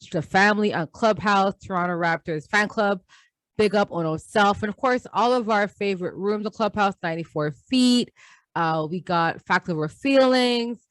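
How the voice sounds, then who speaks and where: A woman co-hosting a sports podcast in casual, animated chat, slangy and quick to laugh. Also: medium pitch, no room sound. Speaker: podcast co-host.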